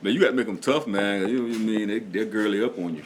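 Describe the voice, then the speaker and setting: Man, middle-aged, livestream host, laid-back chatty delivery, lowish voice, faint hiss behind. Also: fast talker. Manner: laid-back, chatty, reading out chat comments. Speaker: livestream host and music producer. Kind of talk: casual livestream chat.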